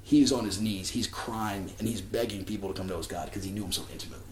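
A preacher tells a story during a casual sermon, his voice on the low side and steady as he talks fast in a roomy space. He's chatty and leans heavily on fillers like "like" and "um," often restarting his sentences.

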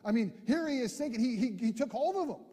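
A man preaching a sermon, telling a scripture story with lively acted-out voices and sudden drops to a hush. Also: very high-pitched, fast talker, husky, in a large hall. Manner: animated storyteller, acts out characters, shifts from loud to hushed. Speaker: pastor.

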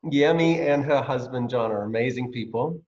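A man's voice: medium pitch, darkish tone. Friendly man hosting a video call. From Australia. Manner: friendly, halting with fillers. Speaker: pastor hosting an interview series. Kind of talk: casual video-call interview. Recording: slightly dull lo-fi audio.

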